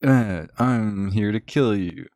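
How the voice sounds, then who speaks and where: A man flatly voicing a blunt young heroine while recounting a film. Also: lowish voice, slow, no echo, studio quality. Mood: deadpan.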